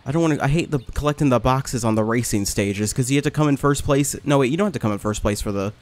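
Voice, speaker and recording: A man giving casual let's-play commentary, complaining, swearing and getting excited as he plays. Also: medium pitch, fast. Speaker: gaming video host.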